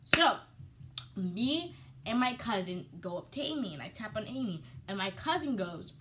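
A woman vlogger telling a story in a chatty, animated way, full of fillers. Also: medium pitch, normal speed, slight background noise. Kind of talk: storytime vlog.

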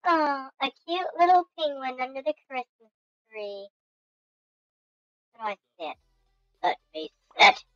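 A woman hosting a let's-play game commentary, goofy and excitable, talking to herself and making silly sound effects. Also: high-pitched, a little slow, long pauses, no room sound. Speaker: gaming channel host. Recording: dull lo-fi dry recording.

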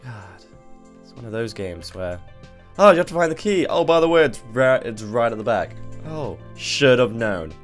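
A man's voice: mid-range voice, lively intonation, normal speed. A man giving casual, swearing commentary while playing a game. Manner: chatty, swears, thinks aloud. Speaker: gaming video host. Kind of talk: let's play commentary. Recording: faint background music.

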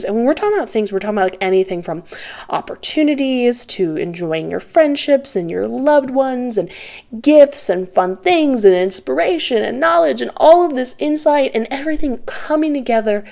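A woman's voice: on the high side, expressive, moderate pace, gravelly, a little mellow. A woman giving a pick-a-card tarot reading, talking straight to the viewer in an earnest, reassuring, chatty way with light laughs. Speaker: tarot reader.

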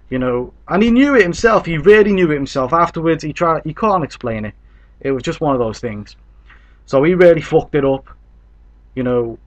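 Blunt, profane British man ranting about boxing. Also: a little high. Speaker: boxing commentator. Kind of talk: casual opinion commentary.

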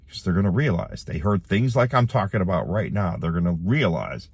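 A deep-voiced man with a husky edge pleads urgently with the camera, circling back on his words. His voice sounds close and dry, with no room around it. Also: animated, brisk, few pauses, dry recording. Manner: urgent, pleading, repeats himself. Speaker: online preacher. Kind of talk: gospel appeal to camera.

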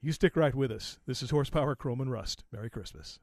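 A man hosting an automotive podcast, telling a story in a folksy, animated way and acting out the quoted lines. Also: mid-range voice, quick pace, noisy background. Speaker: podcast host.

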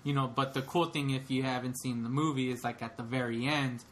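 Man, podcast host, casual chat, bright tone, excited rambling, faint background noise. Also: mid-range voice, brisk. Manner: excited, rambling retelling with many fillers.

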